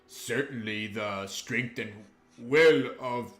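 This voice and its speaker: A timid young man forces out bold words, loud, drawn-out and halting, as a man puts him on. The sound is roomy and a little distant. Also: medium pitch, voice pushed up. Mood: awkward. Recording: roomy echo.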